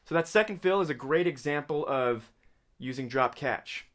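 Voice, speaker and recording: A man's voice: fairly high pitch, animated, normal speed, fairly bright tone. A man teaching a drum lesson in a casual way, singing drum patterns with vocal syllables and calling out right and left stickings. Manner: calls out stickings and counts beats. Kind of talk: casual instructional talk. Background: drums and music playing.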